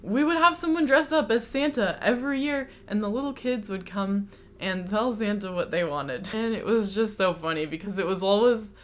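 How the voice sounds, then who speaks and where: Here a woman from the United States hosts reaction content, her mid-range, fairly bright voice moving at a moderate pace. The commentary is casual, chatty and explanatory, with a touch of sarcasm.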